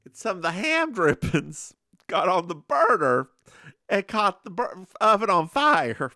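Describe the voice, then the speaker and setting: A podcast co-host telling stories in casual chat, animated and laughing often. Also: mid-range voice, unhurried, dry recording, clean studio sound.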